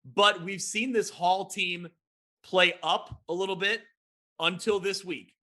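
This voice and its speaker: A man hosting a sports talk podcast who gives energetic, quick recaps of high school football games. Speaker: podcast host.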